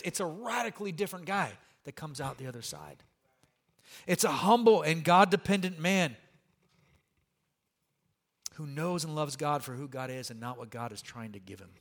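A man preaches as a pastor, talking through his sermon in an animated, conversational way. His voice sits somewhat high for a man. He drops in light jokes and asides to the congregation.

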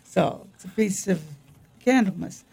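An older woman co-hosting a casual chat about the week's feast days, with a gravelly voice and frequent throat clearing, speaking in a wry, halting way. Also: medium pitch, a little mellow. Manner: unhurried, wry, halting reading. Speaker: co-host.

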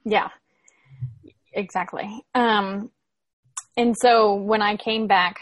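A woman's voice: mid-range voice, slow, no room sound. Chatty young woman telling her story. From Florida, USA. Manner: animated retelling with many "like" fillers. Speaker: podcast guest. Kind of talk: casual storytelling.

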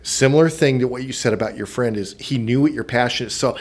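A man in his forties hosting a podcast interview, enthusiastic and quick to laugh. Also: medium pitch. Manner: warm, enthusiastic, laughs easily. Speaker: podcast host. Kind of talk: casual interview.

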